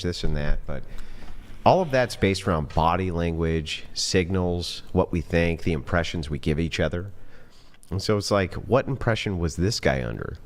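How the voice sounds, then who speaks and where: Low-voiced male panelist, measured and reasoned. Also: lively intonation. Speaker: debate panelist. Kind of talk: heated debate.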